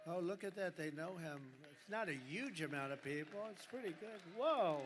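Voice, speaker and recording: A man's voice: sits high, expressive, moderate pace. An older man giving a rambling rally speech from a podium microphone, full of superlatives and asides to the crowd. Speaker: political candidate at a campaign rally. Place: large packed rally venue. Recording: echoey arena sound with crowd noise.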